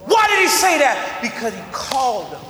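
A man preaching a sermon, emphatic and often shouting to the congregation, with a drawn-out, call-and-response delivery. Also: extremely high pitch, huge pitch swings, noisy background. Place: large church hall. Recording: echoey hall with long reverb.

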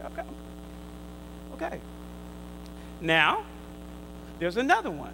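A man preaching a sermon, quizzing his listeners in call and response, swinging from loud emphatic bursts to quiet asides. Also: very high voice, wildly swooping pitch, unhurried, pauses often, a little hiss or hum, rough recording.

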